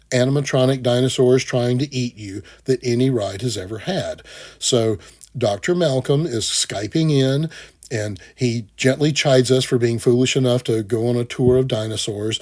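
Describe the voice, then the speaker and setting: A man narrating a theme park video essay in a blunt, sarcastic, animated way. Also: medium pitch.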